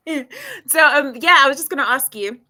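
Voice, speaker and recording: A woman's voice: high-pitched, sharp tone. A woman hosting a live-streamed interview who asks thoughtful questions and affirms her guest. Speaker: podcast host.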